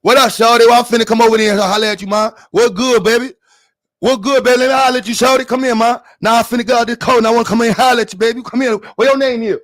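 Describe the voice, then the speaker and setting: A man's voice: very high-pitched, steady tone, a bit bright, pitched above the performer's own voice. Man putting on a flirty Southern country guy. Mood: flirtatious. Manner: fast, clipped, flirtatious slang.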